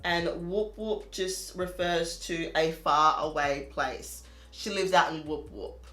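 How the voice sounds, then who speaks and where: Aussie woman rambling about eyeshadow, kinda low voice, echoey room w faint music behind. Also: steady tone, slow pace, fairly bright tone. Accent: Australian. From Australia. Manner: chatty, lots of "like", laughs at herself. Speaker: beauty vlogger. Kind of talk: casual makeup review chat. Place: home room.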